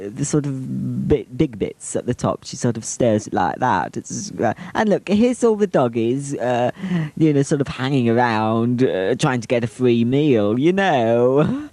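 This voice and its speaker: A man's voice: medium pitch, lively intonation, measured pace, a little mellow, no room sound. A man giving a cheeky, teasing humorous voice-over on old home videos. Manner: cheeky, teasing, chuckling asides.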